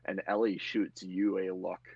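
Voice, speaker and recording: Gravelly low-voiced male game master. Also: level tone, measured pace, darkish tone, no echo, lo-fi sound. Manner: filler-heavy, laughs often. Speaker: game master and podcast host. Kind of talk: narrating a tabletop game.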